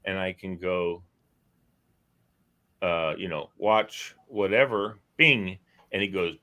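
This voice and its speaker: A man's voice: deep voice, slow. A man in his fifties chatting casually and jokingly with friends on a show, sometimes slipping into playful voices. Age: 50s. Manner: jokey, animated, slips into playful character voices. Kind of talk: casual banter.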